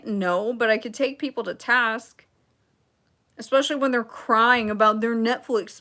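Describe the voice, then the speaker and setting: A woman's voice: fairly high pitch, a little slow, pauses often, sharp tone. Blunt sarcastic woman streamer. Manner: sarcastic, blunt, rambling with asides. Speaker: livestream host reading chat. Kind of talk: casual livestream chat.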